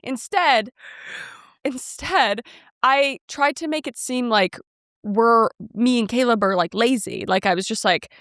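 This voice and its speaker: A woman's voice: fairly high pitch, measured pace, fairly bright tone, no echo, clean studio sound. A woman co-hosting a podcast, telling a rambling, self-mocking story in casual chat and quoting herself and others. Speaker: podcast co-host.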